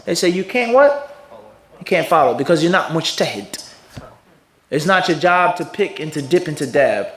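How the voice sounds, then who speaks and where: High-voiced man lecturing in an echoey room. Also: a bit bright. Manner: rhetorical questions to the audience, sarcastic mimicry. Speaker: mufti teaching hadith. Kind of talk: Islamic lecture.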